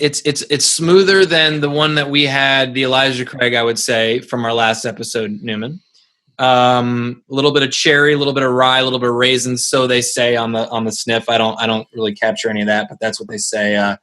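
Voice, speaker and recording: Bright-voiced man hosting a podcast. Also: mid-range voice, flat delivery. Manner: halting, lots of fillers and restarts. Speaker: podcast host. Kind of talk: casual podcast conversation.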